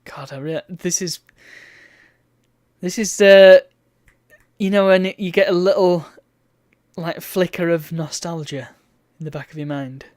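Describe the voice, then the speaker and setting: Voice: medium pitch, steady tone, measured pace, a little mellow, no room sound. Wry streamer reading game text aloud. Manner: wry, bemused asides between read-out lines.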